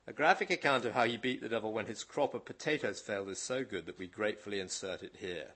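Animated bright-voiced male preacher. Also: on the low side, fairly quick, few pauses, husky. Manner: animated, emphatic, conversational with hesitations. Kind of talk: sermon.

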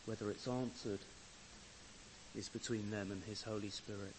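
A man preaching a sermon with measured, deliberate pauses, who swells to emphatic loudness when he reads scripture. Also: lowish voice, steady tone, noisy background. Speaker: pastor.

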